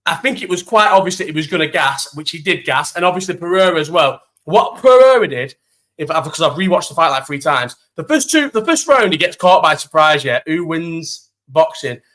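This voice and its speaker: A young man hosts a live chat, animatedly telling stories packed with slang and heavy swearing. His voice sits on the high side and moves a little fast.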